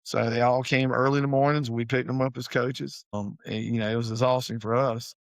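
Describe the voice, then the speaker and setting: A middle-aged man tells coaching stories in an easygoing, animated, folksy way. His voice sits at an ordinary middle pitch for a man. The recording is dry and close, with almost no room sound. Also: a little fast, no room sound. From Savannah, Georgia, US. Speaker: high school head football coach, guest. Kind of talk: casual storytelling interview.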